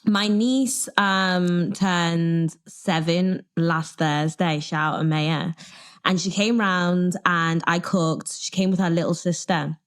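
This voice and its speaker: A woman's voice: on the low side, steady tone, slow pace, smooth. A woman co-hosting a podcast, telling stories in a blunt, wry casual chat. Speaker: podcast co-host.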